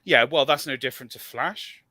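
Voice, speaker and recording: A man's voice: mid-range voice, normal speed, heavy background noise. A middle-aged man with a West Country accent, bantering, laughing and swearing in casual stream chat. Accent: West Country English. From West Country, England.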